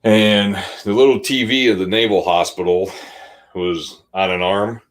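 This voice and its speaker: Lowish-voiced man telling a funny story. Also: measured pace. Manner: animated, laughing through a funny story. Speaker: podcast co-host. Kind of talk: casual storytelling chat.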